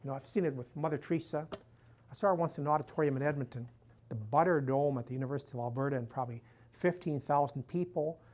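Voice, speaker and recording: An older priest speaking to a live audience in a slightly high, easy voice. He talks in a folksy, rambling way, chuckling at his own jokes and leaning on "you know" and "and so on". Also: fast, a little mellow. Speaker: priest giving a talk. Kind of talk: conference talk to a live audience.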